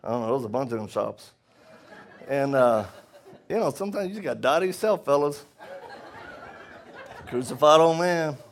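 A middle-aged man preaching his own testimony in a church hall, his voice sitting a touch high for a man. He talks loudly and animatedly, laughs through his lines and swings between near-shouts and hushed, quiet asides.

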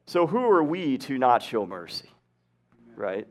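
A man delivering a relaxed sermon to a live congregation, mixing scripture with stories from his teaching days. He talks in an easygoing, chatty way, laughs often and keeps checking that the room follows him. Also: mid-range voice, unhurried. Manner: conversational, laughs often, checks in with "right?" and "okay?". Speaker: preacher and teacher. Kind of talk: casual sermon. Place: hot upstairs room, live audience.

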